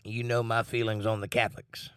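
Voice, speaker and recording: A man teaching a Bible study, reading scripture aloud slowly and emphatically, then breaking in with blunt asides. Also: fairly low pitch, a bit bright, clear, resonant tone, no room sound, clean studio sound.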